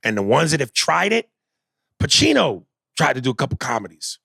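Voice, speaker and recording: A man co-hosting a podcast in casual chat, animated, swinging from loud outbursts to low mutters. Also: a little fast, vocal fry, husky, no room sound, studio quality. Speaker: podcast co-host.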